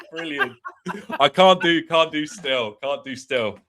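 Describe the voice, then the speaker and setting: Co-host, man, bright and slightly high voice, laughs a lot, loves doing impressions. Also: slow pace. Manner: laughs often, mimics other presenters. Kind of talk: casual chat with impressions.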